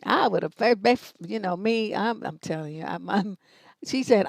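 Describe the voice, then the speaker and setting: Here a middle-aged woman with a mid-range, creaky voice speaks expressively at normal speed, with no room sound. As host of a livestream relationship advice show, she tells brash stories, blunt and full of profanity.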